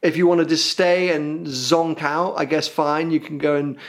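A young British man with a British accent and a slightly higher voice that is full of fry and gravel. He hosts a podcast in a loose, self-deprecating way and wanders a bit with lots of ums and uhs. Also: fairly even intonation, moderate pace. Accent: British English. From Britain. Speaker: podcast host. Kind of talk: casual podcast chat.

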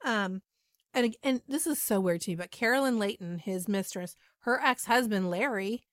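A woman's voice: medium pitch, moderate pace, dry recording, studio quality. A woman podcast host retelling a story in casual, chatty talk with frequent ums and asides.

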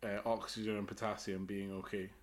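A man's voice: lowish voice, level tone, a little fast. Joking male podcast co-host. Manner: jokey, loud bursts of energy. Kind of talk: casual chat.

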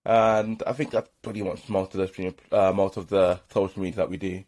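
A man's voice: sits low, brisk, a little hiss or hum. Laid-back male podcast co-host. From Birmingham, England. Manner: relaxed, lots of "like" fillers. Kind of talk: casual chat.

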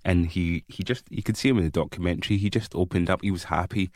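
A man, a filmmaker guest, chatting casually in an interview and getting animated as he tells stories. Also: low voice, fast talker, dry recording, studio quality. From Kenya. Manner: animated, repeats words when excited.

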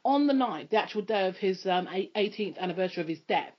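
A woman hosting a casual chat, talking quickly and loosely with lots of fillers. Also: medium pitch, lively intonation. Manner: chatty, quick, full of fillers like "you know". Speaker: podcast host. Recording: muffled lo-fi recording.

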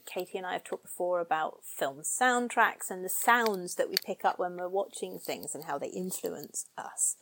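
A woman guest on a podcast interview, talking in a lively way and thinking aloud with restarts. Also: on the low side, creaky, no room sound. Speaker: guest scholar.

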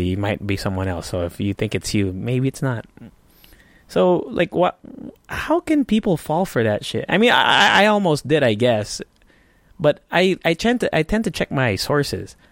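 A man's voice: medium pitch, very animated, moderate pace, dry recording. A man hosting a casual solo podcast, rambling and swearing freely with frequent restarts. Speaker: podcast host.

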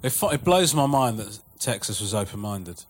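A man telling a story in casual chat, animated and profane, laughing as he goes. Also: lowish voice, moderate pace, husky. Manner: animated, swearing, laughing through stories.

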